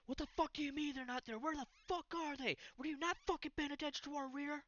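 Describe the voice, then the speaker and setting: A man voicing an enraged male squad leader who shouts profane demands in a tabletop game. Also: very high voice, steady tone, fast, no echo, muffled recording, voice pushed up.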